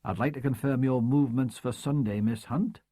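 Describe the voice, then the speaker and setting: A man's voice: mid-range voice, normal speed, mellow, no echo, studio quality, close to an everyday voice. A man voicing a middle-aged police superintendent who speaks in a formal, businesslike and probing way. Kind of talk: audiobook character voice.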